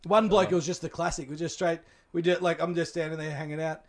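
An Australian man co-hosting a casual podcast, trading teasing banter with his mates. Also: on the high side. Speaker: podcast co-host. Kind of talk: casual chat.

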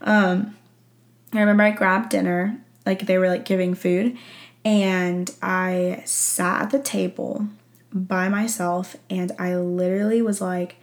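A young woman hosting a podcast speaks in a low, gravelly voice. She tells a personal story in easy, chatty talk, laughs often and leans on "like" as a filler. She sounds a little teary but keeps talking. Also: fairly even intonation, measured pace. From Texas. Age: young adult. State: teary-eyed. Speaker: podcast host. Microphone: audio-only recording.

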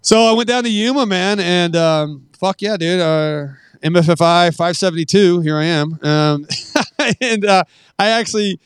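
Retired marine guy swearing through his old stories, smooth clear voice, dry close mic, kinda high. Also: normal speed, no room sound. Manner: profane, rambling war stories with frequent fillers. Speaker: podcast guest, retired Marine. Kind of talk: casual interview storytelling.

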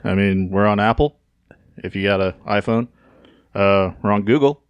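A man hosting a casual podcast, laid back and quick to crack jokes and laugh. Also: fairly low pitch, clean tone, dry recording. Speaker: podcast host. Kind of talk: casual chat.

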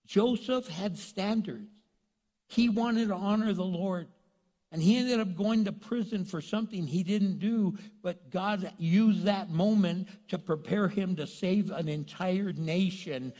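A man preaching a sermon, retelling a story in a lively, conversational way and acting out the characters. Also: high-pitched, unhurried. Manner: animated storytelling, acts out characters. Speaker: pastor. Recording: long reverb in a large hall.

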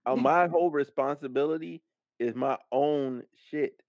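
A man's voice: mid-range voice, moderate pace, no room sound. A man with a mid-range voice chatting bluntly on a podcast, swearing freely and joking around. His mic sounds a touch dull and muffled, though the room is dry and close. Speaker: podcast co-host. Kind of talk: casual chat.

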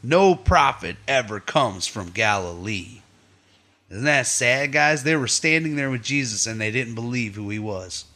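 A man's voice: mid-range voice, animated, measured pace, pushed and bright. A man leading his family's Bible study at home, reading scripture aloud and stopping for chatty asides to his listeners. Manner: reads steadily, adds chatty asides to the listeners.

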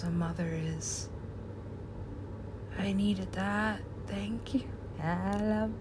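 Rambling woman, lowish voice, frequent laughter. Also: a little mellow, slight background noise. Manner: rambling, laughs often, drops to whispers. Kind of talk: rambling monologue.

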